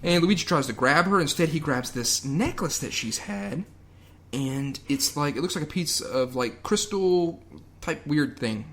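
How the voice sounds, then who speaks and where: A man's voice: on the high side, animated, a little slow. A man co-hosting a podcast, rambling and sarcastic as he recaps a movie. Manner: rambling, sarcastic, with loud mock quotes. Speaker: podcast co-host. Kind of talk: casual movie review chat.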